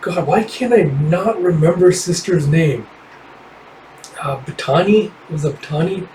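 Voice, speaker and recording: A man's voice: on the high side, unhurried, dark tone, a little hiss or hum, low-quality recording. Rambling man reading a comic aloud. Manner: loose and rambling, many fillers. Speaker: comic book reader. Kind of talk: casual comic readthrough.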